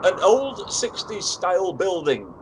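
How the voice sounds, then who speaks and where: An actor playing an excitable, rambling male radio talk show host in a comedy sketch, speaking from a radio studio. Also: high voice, measured pace, background noise. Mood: excited.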